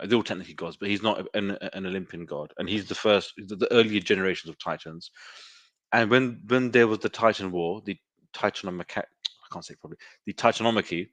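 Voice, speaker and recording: A man's voice: on the low side, fairly bright tone, no echo. A man hosting an interview, speaking thoughtfully with hesitant fillers. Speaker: host. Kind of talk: conversational interview.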